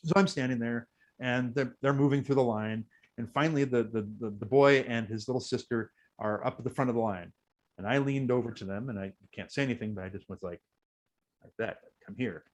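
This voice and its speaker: A man's voice: mid-range voice, fairly quick, poor audio. A man guest in a casual interview, telling heartfelt stories with many fillers and restarts. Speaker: guest, costume performer.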